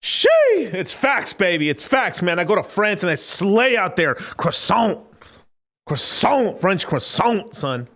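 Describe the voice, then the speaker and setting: A man's voice: sits high, very animated, normal speed, few pauses, bright, forceful tone. A man hosting a crypto livestream, ranting in an unfiltered casual way, profane and emphatic, repeating phrases and mocking others. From Mexican.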